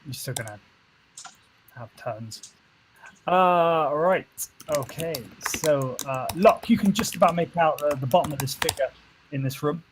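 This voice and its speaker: A man's voice: fairly high pitch, a little slow, pauses often, noisy background. A man narrating a tabletop game as game master, with many fillers and restarts. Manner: hesitant, full of fillers and restarts.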